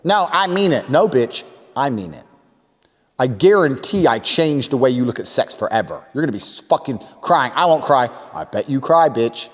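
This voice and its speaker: A man's voice: medium pitch, lively intonation, fairly quick, hardly any pauses, in a large hall. A man talking in a boastful, crude and provocative way in a recorded talk clip.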